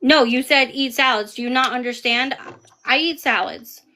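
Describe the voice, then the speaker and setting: A woman on a live stream with a high, bright voice. She is furious at a commenter, swears freely and her voice rises into yelling. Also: normal speed. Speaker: TikTok live host. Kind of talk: heated livestream chat.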